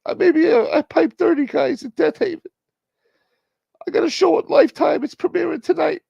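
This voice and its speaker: A man voicing a boastful old male sheriff in a squeaky falsetto, bragging about himself. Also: normal speed, creaky, darkish tone, no room sound, full character voice. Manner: self-important bragging. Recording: dull lo-fi stream audio.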